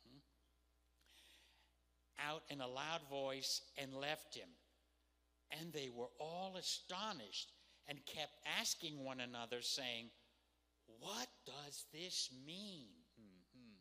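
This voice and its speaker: A man's voice: mid-range voice, takes it slowly, pauses often, bright, forceful tone. Older man teaching in a hall. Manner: chatty, laughs often, asks "hmm?" to the room. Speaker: teacher of Aramaic scripture. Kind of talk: casual lecture to a live group. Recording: long reverb in a hall.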